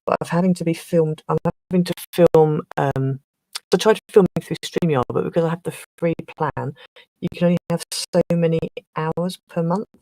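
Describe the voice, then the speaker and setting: A woman hosting a craft livestream in casual chat, flustered and restarting her sentences, with a slightly rough throat. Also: low-pitched, normal speed, mellow, no echo, low-quality recording. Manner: chatty, flustered, trailing off and restarting.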